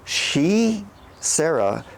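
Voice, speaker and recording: A man's voice: fairly high pitch, very animated, very slow, vocal fry. A man casually telling a candid personal story, rambling and restarting his sentences. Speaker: channel host.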